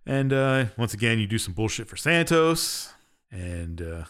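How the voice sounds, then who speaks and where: A man's voice: fairly low pitch, sing-song, measured pace, fairly bright tone, clear, resonant tone. A man co-hosting a podcast, casually recapping a game's story in a laid-back, dismissive way. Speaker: podcast co-host. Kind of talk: casual chat, recapping a game plot.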